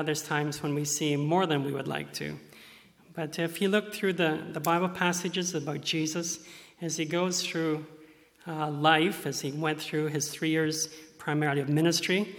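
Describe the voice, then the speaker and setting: A man's voice: a little high, fairly bright tone, in a large hall. A man delivering a sermon as a pastor, earnest, sometimes acting out quoted voices.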